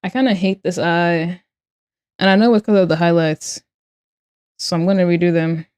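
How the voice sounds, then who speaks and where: Young woman streaming while she draws, mellow warm voice, chatty and playful, reads chat out loud. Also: lowish voice, steady tone, moderate pace, clear, resonant tone. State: out of breath. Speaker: livestreamer. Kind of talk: casual livestream chat while drawing.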